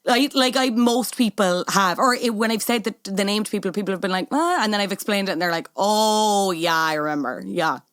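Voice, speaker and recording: A woman's voice: medium pitch, fairly bright tone, no room sound. Talkative Irish woman, dry close sound. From Ireland. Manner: talkative, quick agreeing asides. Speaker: guest, broadcaster. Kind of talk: casual chat.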